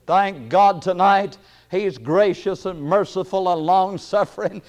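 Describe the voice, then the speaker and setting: Man, sermon, folksy, chuckling, hesitant fillers, emphatic bursts, higher voice. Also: a little slow, dull audio. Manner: rises to loud, high emphatic bursts. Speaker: preacher.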